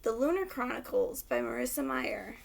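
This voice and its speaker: A young woman talks straight to camera in a loose, rambling rant, excitable and quick to swear. Her voice sits a little higher than most. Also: vocal fry. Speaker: book vlogger.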